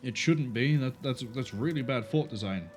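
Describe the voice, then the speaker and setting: A man's voice: mid-range voice, normal speed, faint music behind. A man streaming a video game, making playful, joking asides as he plays. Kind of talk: casual game commentary.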